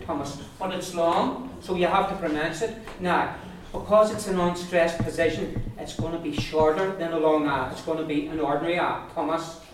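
An Irish man teaching an Irish language class, explaining pronunciation and repeating words slowly for his students. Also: fairly high pitch, fairly even intonation, crowd noise. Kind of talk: classroom lesson. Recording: echoey classroom from far off, noisy.

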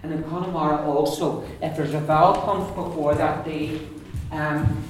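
A man's voice: on the high side, fairly even intonation, normal speed, slight background noise. A man with a Belfast accent, teaching Irish pronunciation to a class and patiently repeating words for them to echo. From Northern Ireland. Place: classroom with students. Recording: echoey room, far from the mic, class around.

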